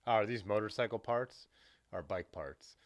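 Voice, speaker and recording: A man's voice: lowish voice, normal speed. A man hosting a casual livestream, rambling along and reading viewer comments aloud. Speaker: livestream host. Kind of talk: casual live chat.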